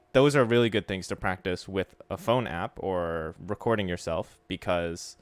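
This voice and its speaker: A man streaming a casual Japanese study session, talking in a relaxed, chatty way and sounding out pronunciation examples aloud. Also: on the low side, no echo. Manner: frequent fillers like "like" and "so". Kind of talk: casual instructional livestream.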